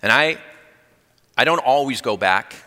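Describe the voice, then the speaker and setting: Give me an animated male pastor preaching, with a bright, sharp tone. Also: medium pitch, unhurried, long reverb tail. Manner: animated, acts out dialogue. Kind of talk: sermon with personal story.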